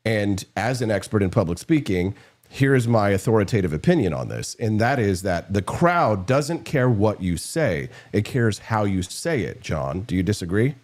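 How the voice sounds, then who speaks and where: A man hosting a casual political talk show, opinionated and animated, trading views with a co-host. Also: lowish voice. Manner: opinionated, animated, mocking impressions.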